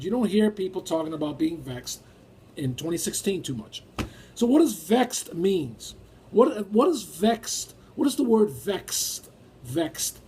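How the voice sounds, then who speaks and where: A man preaching with a fairly high, husky voice. He reads scripture and explains it with emphasis, pausing often, and his voice climbs when he presses a point. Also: very animated, warm tone. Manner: emphatic, rises when acting out feelings. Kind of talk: sermon.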